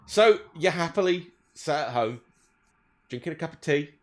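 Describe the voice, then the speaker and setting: A man narrating a tabletop role-playing session as game master, relaxed and chatty with small restarts. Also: on the high side, normal speed.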